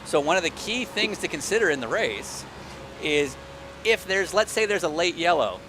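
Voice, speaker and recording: A man hosting live sim-racing commentary, calling the action with excitable play-by-play. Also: a little high, normal speed, slight background noise. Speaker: race commentator host.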